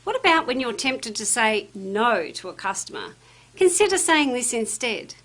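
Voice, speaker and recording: A woman narrates a workplace training course in a scripted, instructional way. Her voice sits fairly high and moves a lot in pitch, and she gives emphatic weight to the phrases she quotes. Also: normal speed. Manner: lively, emphatic delivery when quoting phrases.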